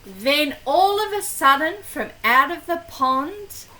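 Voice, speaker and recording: Older grandmother reading a picture book to a child, high, lively voice, very slow and expressive. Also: poor audio. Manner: slow, animated, with gasps and questions to the child.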